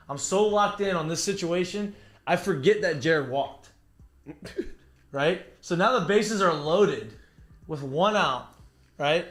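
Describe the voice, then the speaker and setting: A man's voice: fairly high pitch, slow, long pauses, echoey room. A young man telling baseball stories in casual chat, swearing freely and acting out what others said. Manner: animated, swears freely, acts out quotes. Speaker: former college baseball player, podcast guest.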